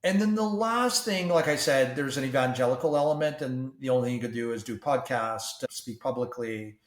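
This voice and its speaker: A man from Canada, a tech company CEO guest on a podcast, talking in an animated, conversational way with frequent restarts and repeated words. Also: mid-range voice, brisk, reverberant.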